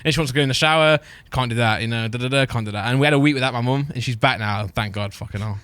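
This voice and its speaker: A young man co-hosting a podcast, chatting casually and telling stories with a lot of laughter and sudden excited jumps. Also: racing, smooth, no echo. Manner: laughing storyteller with bursts of high excitement. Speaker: podcast co-host. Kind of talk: casual chat.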